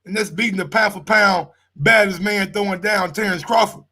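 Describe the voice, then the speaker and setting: Excitable high-voiced sports stream host. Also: male voice, normal speed. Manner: excitable, loud and profane, talks straight to viewers. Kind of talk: live-stream reaction commentary.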